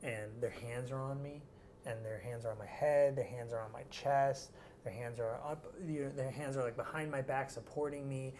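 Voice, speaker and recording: A man, an interview guest, tells a personal story in an animated, rambling way, full of "like" and acted-out quotes. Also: mid-range voice, normal speed, slight background noise. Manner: animated, rambling, heavy use of "like".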